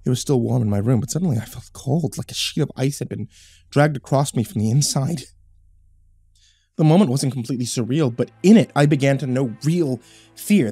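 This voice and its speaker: A man's voice: medium pitch, brisk, warm tone, husky, dry recording, faint music behind. A man narrating a first-person horror story in a tense, dramatic reading.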